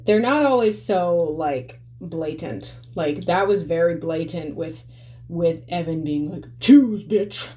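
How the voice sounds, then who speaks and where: A young woman talking straight to camera in a candid vlog, blunt and full of swearing, with a fairly low voice. She speaks casually, calling her viewers y'all. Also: measured pace, a little mellow. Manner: blunt, profane, conversational, addressing viewers as y'all. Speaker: vlogger.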